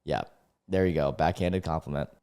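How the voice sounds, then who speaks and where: Young male streamer with a low voice, relaxed slangy reaction commentary. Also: moderate pace, clean tone. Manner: casual slangy, calls people bro and dude. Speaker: streamer reacting to online posts.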